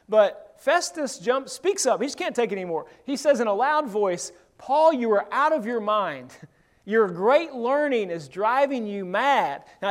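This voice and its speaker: Male preacher, high register, conversational Bible teaching, reads verses and then unpacks them plainly. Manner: conversational, reads scripture aloud and explains it. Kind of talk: sermon-style Bible teaching.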